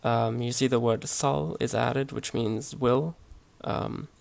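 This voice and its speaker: A man explaining grammar over his slides in a relaxed, hesitant way, with many fillers and restarts. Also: medium pitch, slow pace, gravelly. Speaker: language teacher. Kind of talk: casual slide-based language lesson.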